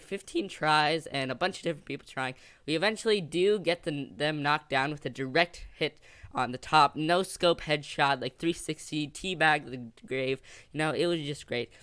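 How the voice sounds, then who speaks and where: Young man, teen, story time host, rambling and excitable, fairly high voice, dry close sound. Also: clean tone, dry recording. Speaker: gaming channel host. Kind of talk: story time narration over gameplay.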